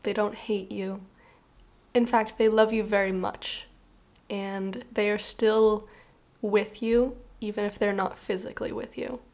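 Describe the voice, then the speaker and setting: A woman's voice: medium pitch, level tone, measured pace. A woman reading tarot cards to camera in a casual, earnest, rambling way, with many "like" fillers. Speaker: tarot reader.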